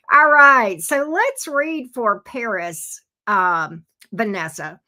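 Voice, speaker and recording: Bright-voiced woman reading tarot live. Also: fairly high pitch, very slow. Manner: chatty, folksy, talks straight to viewers. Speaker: tarot reader, stream host.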